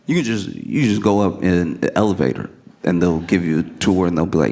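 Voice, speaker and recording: A male stand-up comedian telling a story in an animated way, laughing as he acts out scenes. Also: deep voice, fairly quick, gravelly.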